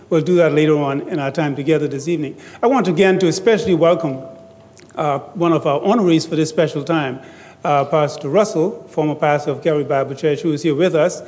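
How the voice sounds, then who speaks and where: A man's voice: a little high, darkish tone. Man giving a formal welcome in an echoey hall. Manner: measured, formal, with light humor. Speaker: master of ceremonies. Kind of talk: formal welcome speech and public prayer. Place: large concert hall or church. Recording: long hall reverb.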